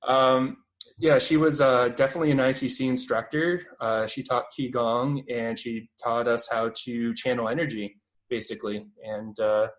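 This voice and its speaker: A man's voice: mid-range voice, fairly even intonation, normal speed, poor audio. Canadian man rambling with fillers. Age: 20s. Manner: rambling, many fillers and restarts. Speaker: guest. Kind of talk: casual interview talk.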